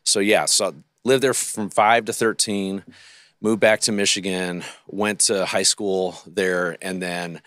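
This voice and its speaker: A man in his fifties, a singer and podcast guest, telling his life story in an earnest, unhurried way with many fillers. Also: low voice, flat delivery, fairly bright tone, no echo, clean studio sound. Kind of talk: interview storytelling.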